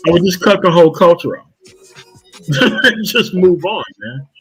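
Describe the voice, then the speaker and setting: Husky male panelist, a bit high-pitched, blunt, faint music behind. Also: lively intonation, unhurried, rough recording. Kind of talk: casual chat.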